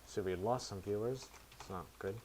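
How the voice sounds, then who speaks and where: A man's voice: lowish voice, moderate pace, mellow, slight background noise. A man talking his chat through his code in casual live commentary, thinking aloud and making self-mocking asides. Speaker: programmer streaming to chat.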